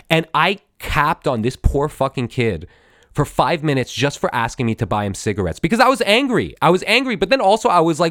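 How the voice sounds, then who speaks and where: A man in his thirties hosts a podcast, telling a confessional story in a rambling, profane way with constant restarts. He's animated, his pitch swinging up and down at a moderate pace. The sound is dry, clean studio audio.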